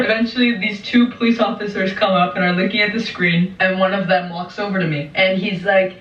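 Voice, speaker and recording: A woman's voice: medium pitch, quick pace, few pauses, a bit bright. A young woman telling a dramatic story vlog-style, swearing a lot and mimicking the voices of others. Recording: roomy, distant, dull lo-fi sound.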